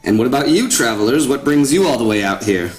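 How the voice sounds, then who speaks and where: A man's voice: medium pitch, animated, quick pace, soft background music, natural voice. A man voicing a tired, easygoing male traveler who chats with hesitant, friendly talk. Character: weary male traveler resting at an inn.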